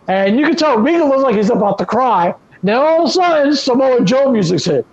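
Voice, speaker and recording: A man co-hosting a wrestling podcast, recapping shows in animated, profane storytelling. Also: very high-pitched, fairly quick, few pauses, lo-fi sound. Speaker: podcast co-host. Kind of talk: casual wrestling chat.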